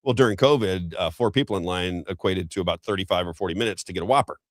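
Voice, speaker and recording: A middle-aged man hosting a talk show, telling a story in a rambling, animated way with frequent restarts. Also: low-pitched, quick pace, dry recording. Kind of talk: casual storytelling commentary.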